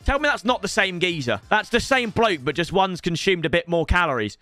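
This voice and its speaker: A young man with a high, bright voice gives live gaming commentary. He swings his pitch wildly, yelling at the match and cracking jokes. Faint game music plays behind him. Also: brisk. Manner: excitable, shouts at the game, jokey banter. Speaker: gaming streamer.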